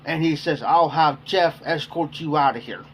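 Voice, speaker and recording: A man chats on a livestream, winding through a workplace story and circling back with "I said" over and over. His voice sits a little high for a man. A faint hum of background noise runs under the talk. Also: moderate pace. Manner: rambling, repeats "I said" while retelling. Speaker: livestream host. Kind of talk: casual storytelling to chat.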